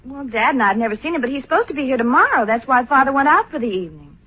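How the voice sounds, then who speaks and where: An exasperated, practical young sweetheart scolds her beau in a 1940s radio comedy. Her voice is high, bright and husky. It leaps up and down in pitch. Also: animated, racing, dull audio, exaggerated voice. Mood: impatient. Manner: scolding, impatient.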